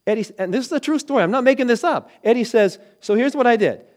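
A man preaching a sermon, telling a story dramatically and dropping from loud lines to hushed ones. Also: high-pitched, expressive, fast, hardly any pauses. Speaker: pastor.

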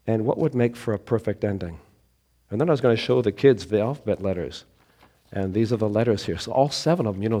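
A hoarse man with a touch of laryngitis delivers a sermon in a relaxed storytelling way. His tone is warm and mellow, at an ordinary male pitch, and he leans into key points as he builds them. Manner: storytelling, conversational, rising emphasis on key points. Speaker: pastor. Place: church during an evening service.

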